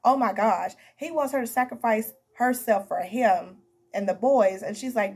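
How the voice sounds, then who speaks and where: A woman's voice: fairly high pitch, normal speed, darkish tone, slightly rough. A woman giving a casual tarot reading to camera, chatty and emphatic, calling her viewers honey and baby. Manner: emphatic, repeats herself. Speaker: tarot reader.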